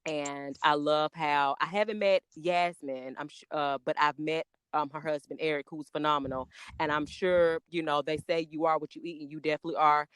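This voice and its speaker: A woman, chatting as a guest on a podcast, excitable and talkative, spelling out names letter by letter. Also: deep voice, moderate pace, hardly any pauses, smooth, no room sound. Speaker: podcast guest, makeup artist. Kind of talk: casual podcast chat.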